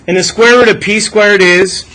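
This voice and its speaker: A man's voice: high-pitched, fairly even intonation, moderate pace, pushed and bright, rough recording. A male math teacher leading a classroom lesson, coaxing students with questions and asking them to think aloud.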